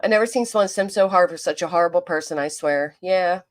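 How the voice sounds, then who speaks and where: A woman with a South Jersey accent from near Philadelphia gives blunt, profane live-stream commentary, reading her chat aloud and answering it. Her voice is lowish and she speaks fast.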